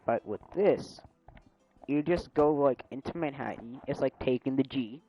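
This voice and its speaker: A young man streaming casually, rambling with many fillers, his volume swinging loud and soft. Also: medium pitch, a little slow, rough recording. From United States. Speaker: railfan streamer. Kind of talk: casual gameplay stream chat. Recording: loud music behind.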